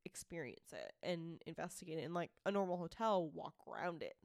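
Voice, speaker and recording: A woman's voice: low-pitched, lively intonation, a little fast, vocal fry, darkish tone, no echo. Boston-accented woman, dry close sound. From Massachusetts. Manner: chatty, laughs often, earnest when serious. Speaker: podcast co-host. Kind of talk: casual chat.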